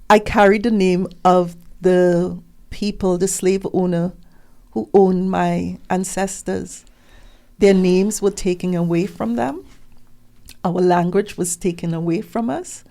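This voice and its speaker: An animated middle-aged woman speaks as a guest in a relaxed interview, her voice sitting a little low for a woman. She talks with emphasis and slips into the questions others have put to her, bringing them to life as she quotes them. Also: vocal fry. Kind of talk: conversational interview.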